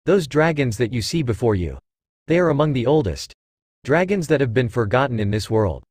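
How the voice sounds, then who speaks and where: A man's voice: medium pitch, lively intonation, brisk, a little mellow, dry recording, clean studio sound, close to an everyday voice. A man reading the lines of an eerie young male dragon-slayer mage in an evenly read storybook voice. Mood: ominous.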